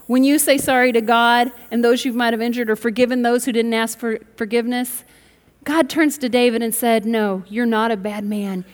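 A middle-aged woman preaches with emphatic, building delivery, her voice pitched high. She tells stories and calls on the congregation to answer back. The sound rings with the long reverb of a large church hall. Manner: emphatic, rising to bursts, asks the congregation to respond. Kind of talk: sermon with storytelling.

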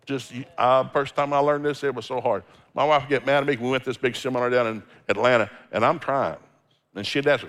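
A man's voice: mid-range voice, fast talker, fairly bright tone. A middle-aged man preaching as a guest speaker, quoting scripture and acting out everyday dialogues in a folksy storytelling manner. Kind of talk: sermon.

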